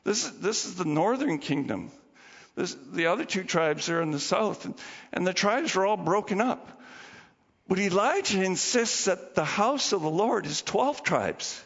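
A man preaching a sermon as pastor, telling the story in an animated way and acting out the people in it. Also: high voice, measured pace, slightly rough. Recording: dull lo-fi recording with long hall reverb.

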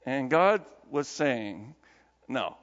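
A man, a pastor giving a sermon who tells stories in a lively, animated way. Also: unhurried. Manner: storytelling, grows animated with raised pitch when quoting; soft, low prayer voice. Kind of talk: sermon with opening prayer. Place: church sanctuary. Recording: dull church PA with long reverb.

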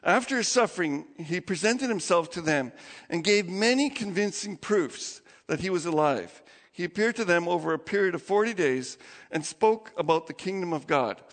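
A male pastor delivering a sermon, his voice pitched high for a man and lively as he tells stories. He laughs and acts out the people he quotes. His voice rings with the long reverb of a church hall. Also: normal speed. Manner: animated storytelling with laughs and acted quotes.

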